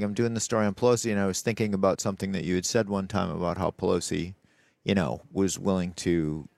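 Male political guest, very low gravelly voice, rambling, dry mic. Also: darkish tone, dry recording. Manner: rambling, lots of "like" and "you know". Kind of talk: casual radio interview.

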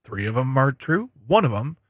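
A man's voice: medium pitch, big pitch swings, moderate pace, a bit bright, breathy edge, no echo, clean studio sound. A man co-hosting a podcast, reading news headlines aloud in casual chat and breaking off for joking asides and stumbles. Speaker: podcast co-host.

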